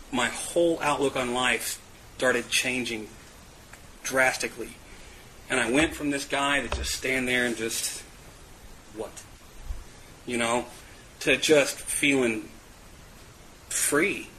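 A man's voice: medium pitch, bright, forceful tone, slight background noise, low-quality recording. A man sharing his recovery story in a candid, self-mocking way, often laughing and restarting his words. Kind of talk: personal testimony at a meeting.

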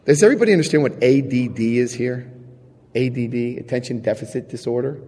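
A man sharing his recovery story with a live audience, telling it in an animated, chatty way, acting out scenes and checking in with his listeners. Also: medium pitch, fast, long reverb tail. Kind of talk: personal testimony to a live audience.

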